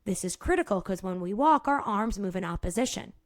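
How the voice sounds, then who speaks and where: A middle-aged woman hosting her own podcast as a movement therapist, explaining in a casual, energetic way, swearing freely and laughing at herself. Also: mid-range voice, brisk, dry recording, clean studio sound.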